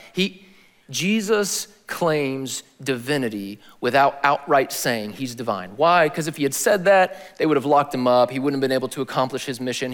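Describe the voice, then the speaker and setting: A man giving a sermon as a pastor, in a casual, slangy style with animated emphasis. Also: mid-range voice, long reverb tail.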